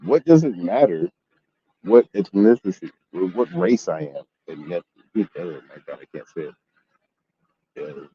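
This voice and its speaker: A man with a low, husky voice tells a story in a casual gaming vlog, ranting with plenty of swearing. The recording is dull and lo-fi. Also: expressive, measured pace, warm tone. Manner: profane, exasperated ranting. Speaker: gaming YouTuber.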